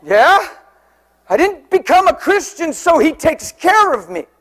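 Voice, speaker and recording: A man preaching a sermon with fervour, swinging between shouted exclamations and soft, tender passages. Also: extremely high pitch, very animated, unhurried.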